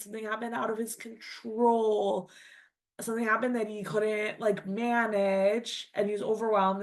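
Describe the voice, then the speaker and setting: A woman teaching a classic text, reading lines aloud and then explaining them in loose, chatty English full of "like". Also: mid-range voice. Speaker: Torah teacher. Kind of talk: casual text-study lesson.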